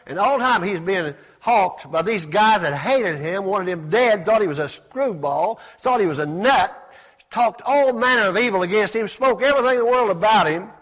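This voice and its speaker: Male preacher, high voice, call-and-response sermon, loud outbursts and quiet asides. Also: animated, normal speed. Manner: call-and-response preaching, asks the congregation to repeat words; swings between loud exclamations and soft asides.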